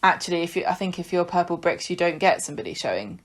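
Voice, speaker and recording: Woman, lowish pitch, chatty, hesitant, laughs a lot. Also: sing-song, quick pace. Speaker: podcast co-host. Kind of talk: casual chat.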